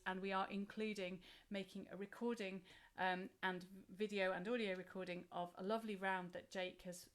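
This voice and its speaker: A woman introducing an online choir session in a chatty way before handing over to the teacher. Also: fairly low pitch. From South London. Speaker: choir organiser.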